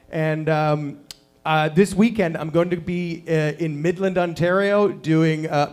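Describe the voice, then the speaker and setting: A man in his thirties doing a deadpan stand-up set at a small open mic, acting out quotes with big jumps in pitch. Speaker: stand-up comedian. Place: small performance venue.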